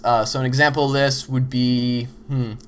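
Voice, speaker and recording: A man's voice: mid-range voice, flat delivery, moderate pace, a bit bright, a little hiss or hum. Man casually explaining teamwork. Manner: loose, conversational, frequent "you know" and "like"; acts out little example dialogues. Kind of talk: casual instructional talk.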